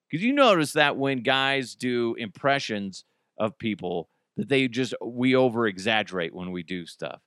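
A man's voice: mid-range voice, a bit bright, smooth, no room sound, clean studio sound. A man hosting a casual solo podcast, joking and self-deprecating, laughing often. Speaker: podcast host.

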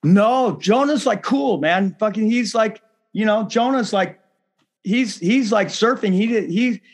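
Casting: heated guest, male, slightly high-pitched, profane and rambling, heavy on "like.". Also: unhurried. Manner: heated, indignant. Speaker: podcast guest. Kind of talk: casual interview talk.

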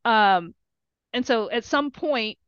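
A woman's voice: on the high side, expressive, slow, fairly bright tone, clean tone, no room sound, muffled recording. A middle-aged woman, a mother, telling a story casually and emotionally, with many fillers and quoted dialogue. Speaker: mother of a college football player.

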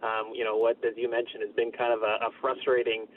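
A man calling in by phone as a guest, giving thoughtful, measured hockey analysis. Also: mid-range voice, completely flat delivery, a little hiss or hum. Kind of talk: phone-in sports talk. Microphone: telephone. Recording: tinny phone line.

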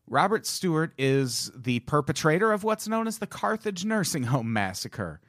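A man's voice: fairly high pitch, sing-song, moderate pace, a bit bright, dry recording, studio quality. A man co-hosting a podcast, telling a true-crime case in a casual, profane way and breaking off into jokes. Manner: profane, joking tangents while reading a case. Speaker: podcast co-host.

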